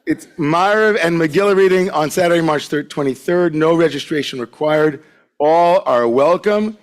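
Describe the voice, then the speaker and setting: A man's voice: on the high side, fairly even intonation, brisk. A man leading a Friday evening service, welcoming people and giving announcements in a chatty, joking way. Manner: chatty and joking, with many filler 'likes'. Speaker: service leader at a congregation. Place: sanctuary with a congregation present.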